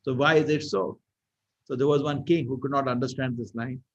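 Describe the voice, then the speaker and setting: A man giving a lively scripture lecture as a temple preacher, telling stories animatedly. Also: mid-range voice, brisk, dry recording. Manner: animated storyteller, acts out quotes. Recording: dull lo-fi recording.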